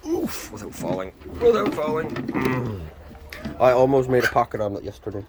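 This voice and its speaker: Out in a muddy chicken yard, a homesteader vlogger does his farm chores and chats casually to his birds, his voice swinging widely in pitch at a moderate pace. He's playful, talking to the animals in a high sing-song. The farmyard recording is noisy, with chickens clucking and other birds in the background.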